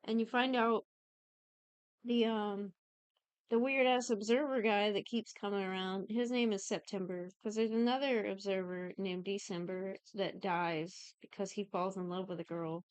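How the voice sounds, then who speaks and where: A young woman co-hosts a podcast, giving a casual, rambling and profane recap of a TV series while quoting characters in fast asides. She speaks at a medium pitch, smooth and fairly even in intonation, with no echo.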